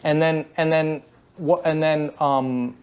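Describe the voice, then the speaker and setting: A man's voice: fairly high pitch, steady tone, slow, a loud crowd. A man hosting an interview, steering his guest with probing questions. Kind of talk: casual interview.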